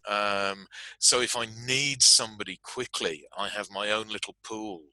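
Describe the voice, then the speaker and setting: A man's voice: lowish voice, a little slow, bright, forceful tone, no echo, rough recording. A British man moderating a panel discussion in a chatty, self-deprecating way, laughing often.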